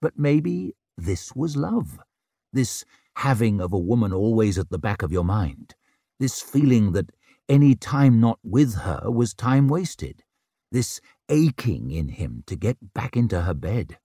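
Expressive low-voiced male narrator. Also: a little slow, breathy edge, dry recording, studio quality. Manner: expressive, dramatic storytelling. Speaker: audiobook narrator. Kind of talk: scripted narration of a fantasy novel.

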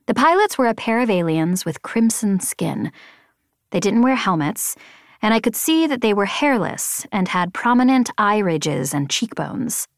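A woman narrates a first-person adventure novel with expressive, tense delivery. Her pitch swings in a lively way, and the sound is close and dry. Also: measured pace, dry recording. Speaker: audiobook narrator.

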